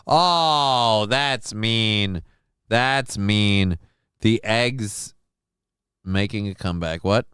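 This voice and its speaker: A man hosting a live talk show, rambling and joking, with loud bits and quiet asides. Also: on the low side, drawn-out words, smooth, dry recording, studio quality. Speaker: show host. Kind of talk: casual live-show chat.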